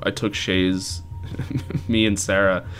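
A man's voice: sits low, steady tone, slow, fairly bright tone, faint music behind. A young man from Pennsylvania co-hosting a college radio show, chatty and laughing often. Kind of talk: casual radio chat.

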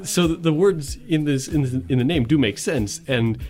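A man co-hosting a podcast in casual chat, puzzling over words with halting restarts. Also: fairly high pitch, a little mellow, soft background music. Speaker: podcast co-host.

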